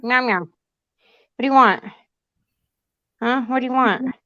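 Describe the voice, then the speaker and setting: A woman's voice: sits high, unhurried, pushed and bright, no room sound. A chatty woman with a mid-range voice rambles through a casual live chat and coos at her cat in baby talk. Her audio is dry and a little muffled, like lo-fi stream sound.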